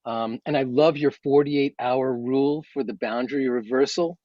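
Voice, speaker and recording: A man's voice: mid-range voice, fairly even intonation, normal speed, no echo. Man guest, enthusiastic, effusive, dry and slightly muffled call audio. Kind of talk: casual chat on a video call. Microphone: video call.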